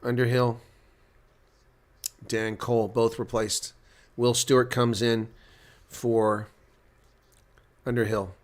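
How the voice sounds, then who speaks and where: A man giving live reaction play-by-play commentary on a rugby match, getting loud on big plays and dropping to quiet asides. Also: medium pitch, little pitch movement, takes it slowly, pauses often.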